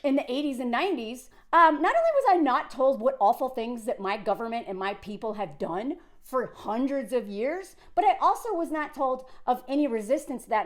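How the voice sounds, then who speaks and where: A woman in her forties from the South, giving chatty, emphatic commentary that wanders between points. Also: high voice. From Southern United States. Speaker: video creator. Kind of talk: casual talking-head commentary.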